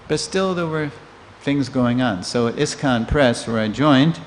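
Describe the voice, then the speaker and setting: Man, 60s, scripture class lecturer, storytelling, acts out quotes, mid pitch, reverberant temple hall. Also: unhurried. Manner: lively storyteller who acts out quoted speakers. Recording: long reverb of a hall, faint noise.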